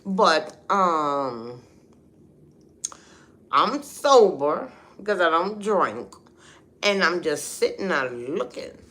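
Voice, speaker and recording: Middle-aged lady on a livestream, slow heated storytelling, keeps saying you know, kinda low voice. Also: very animated, fairly bright tone. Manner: emphatic, heated, fills talk with "you know". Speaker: livestream host.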